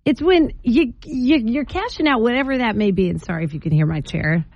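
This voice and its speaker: A woman hosting a morning radio show, telling a story in a chatty, animated way with playful asides, speaking into a studio microphone. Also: a little high, brisk, dry recording, highs cut off. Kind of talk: casual on-air chat.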